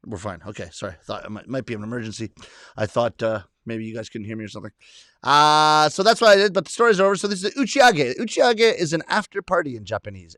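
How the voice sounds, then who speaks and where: A man's voice: mid-range voice, a bit bright, no echo, studio quality. A middle-aged Canadian man hosting a casual livestream, reading viewer comments aloud with easy laughs. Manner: chatty, reads comments aloud, self-deprecating laughs. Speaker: livestream host reading chat. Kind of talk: casual chat.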